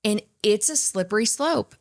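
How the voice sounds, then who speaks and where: A woman's voice: mid-range voice, lively intonation, normal speed, a little mellow. A woman co-hosting a faith podcast, telling personal stories in an earnest, emphatic way. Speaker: podcast co-host. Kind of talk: candid faith talk.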